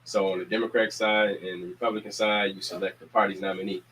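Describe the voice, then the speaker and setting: Energetic man rallying his community. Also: low-pitched, fast, a little hiss or hum, poor audio. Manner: preacher-like repetition, energetic calls to action. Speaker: community organizer and show host. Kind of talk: casual community announcements.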